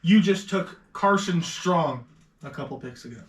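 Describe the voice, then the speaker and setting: A man's voice: on the high side, expressive, normal speed, far from the mic. Male podcast host, opinionated sports analysis; echoey room, off-mic sound. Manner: confident, opinionated analysis with swearing and laughs. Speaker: podcast host running a mock draft. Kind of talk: casual sports chat.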